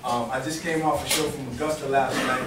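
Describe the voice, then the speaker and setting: A man's voice: medium pitch, fairly even intonation, a little fast, heavy background noise. A man from Boston performing rhythmic, rhyming spoken word poetry at an open mic, with dramatic emphasis. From Boston, USA. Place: performance venue with audience. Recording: echoey room, mic from far off.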